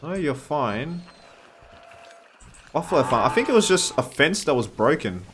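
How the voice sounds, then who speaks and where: A man's voice: fairly high pitch, big pitch swings, normal speed, over music. A man giving casual gameplay commentary, thinking aloud with wry asides. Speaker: gaming channel host.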